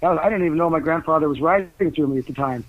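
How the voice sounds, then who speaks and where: A man's voice: on the high side, fast, dry recording. An older man, a guest author, telling long rambling stories in a casual interview, full of fillers and restarts. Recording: tinny phone-like dry sound.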